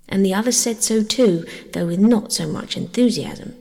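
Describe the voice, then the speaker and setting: Female narrator, gentle bedtime reading; gravelly texture, reverberant hall. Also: mid-range voice, moderate pace, hardly any pauses. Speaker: audiobook narrator.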